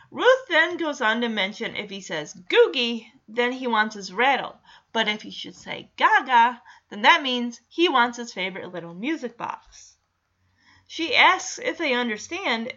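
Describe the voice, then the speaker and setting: Bright lively woman recapping a show. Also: on the high side, lo-fi sound. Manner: sarcastic asides, laughs often. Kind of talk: casual episode recap with commentary.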